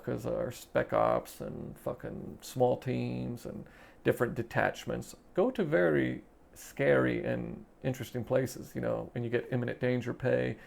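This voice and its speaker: A man in his thirties talks straight to his viewers in a heavily gravelly, creaky voice. He swears freely and rambles in an annoyed, casual way, like a veteran venting on his own channel. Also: medium pitch. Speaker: channel host and Navy veteran. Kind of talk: casual vlog talk to camera.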